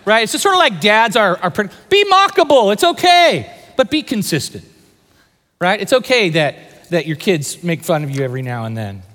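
A pastor from the Bay Area delivers a lively sermon, often stopping to ask the congregation questions. His voice sits high and sounds bright and forceful. A long reverb trails behind him in a large hall. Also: normal speed. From Bay Area, California. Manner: animated, asks the crowd questions.

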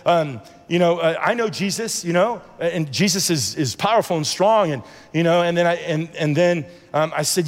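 A man's voice: on the high side, moderate pace, hardly any pauses, in a large hall. A man telling a personal faith testimony as a sermon, earnest and rambling, with many restarts and acted-out dialogue. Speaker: preacher sharing a testimony.

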